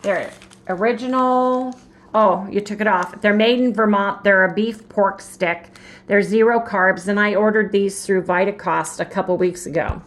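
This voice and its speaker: A woman's voice: medium pitch, fairly bright tone, echoey room, low-quality recording. A woman chatting casually in a rambling way while cooking at home for her vlog. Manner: chatty, rambling, laughs often. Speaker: vlogger. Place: home kitchen.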